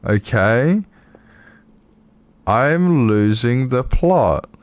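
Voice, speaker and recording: A man's voice: mid-range voice, expressive, very slow, no echo. An Australian man streaming a game, chatting casually and rambling in a self-mocking way with his viewers. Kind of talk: casual live-stream chat while playing.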